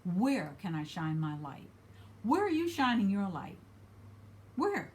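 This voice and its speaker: A woman's voice: mid-range voice, sing-song, slow pace, darkish tone, slight background noise. Earnest woman giving a card reading. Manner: earnest, emphatic, repeats key phrases. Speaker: card reader.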